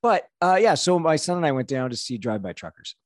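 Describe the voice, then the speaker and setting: A man's voice: fairly high pitch, sing-song, a little fast, dry recording, clean studio sound. A middle-aged man hosting a podcast in casual chat, a rambling storyteller who laughs often. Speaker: podcast host.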